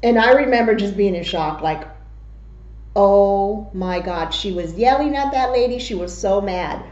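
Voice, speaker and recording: A middle-aged woman vlogger telling casual, animated stories about family memories. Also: mid-range voice, reverberant, dull audio. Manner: animated, slow and drawn-out when telling stories. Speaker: mukbang vlogger. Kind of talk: casual storytelling.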